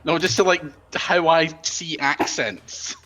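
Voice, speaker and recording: A man's voice: on the high side, slow pace, fairly bright tone. A man chatting on a gaming stream voice call, hesitant and repeating his words. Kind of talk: casual gaming stream chat.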